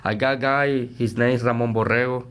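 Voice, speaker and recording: Earnest man, smooth voice. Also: mid-range voice, a little fast. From Venezuela. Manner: earnest, energetic, broken English. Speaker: baseball player, interview guest. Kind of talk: casual interview chat.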